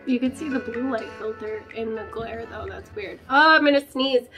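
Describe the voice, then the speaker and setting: A woman's voice: a little high, normal speed, sharp tone, soft background music, poor audio. A young woman chatting casually to camera from her spare bedroom about her plants, rambling with lots of fillers. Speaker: plant vlogger.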